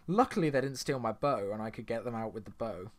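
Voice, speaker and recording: A man's voice: medium pitch, animated, quick pace. Chatty young man narrating his gameplay. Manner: chatty, rambling, jumps to sudden surprised outbursts. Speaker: gaming channel host. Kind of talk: casual let's-play commentary.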